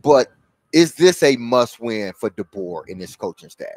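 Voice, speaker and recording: A man hosting sports talk radio, asking halting questions filled with pauses and fillers. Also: medium pitch, sing-song, a little mellow, no echo.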